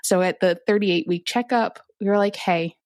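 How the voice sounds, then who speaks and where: A woman physician guest in a conversational interview, explaining things calmly and in clinical detail. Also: medium pitch, normal speed, no room sound, studio quality.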